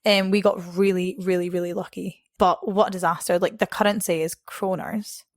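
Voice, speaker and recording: 陽気にしゃべるスコットランド訛りの若い女性. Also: female voice, lowish voice, normal speed, dry recording, clean studio sound. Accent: Scottish. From Scotland. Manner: chatty, laughs often, animated quoting of others. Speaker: podcast guest. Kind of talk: casual storytelling interview.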